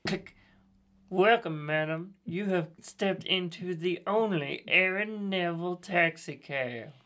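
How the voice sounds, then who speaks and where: Host doing a male cab driver, soulful, soft wavering voice, very slow, sings lines. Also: mid-range voice. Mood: crooning. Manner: slow, breaks into song.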